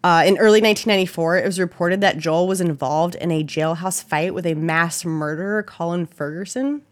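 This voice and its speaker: A woman hosting a true-crime podcast in a relaxed, chatty way. Her voice sits a little low, and she is blunt and swears freely, laughing as she runs through the facts. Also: brisk. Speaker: podcast host.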